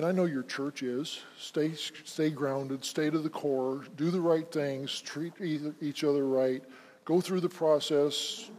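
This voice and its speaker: A pastor telling a story in a sermon, swinging from quiet to loud emphasis. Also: male voice, a little high. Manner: storytelling, builds to loud emphasis then drops soft.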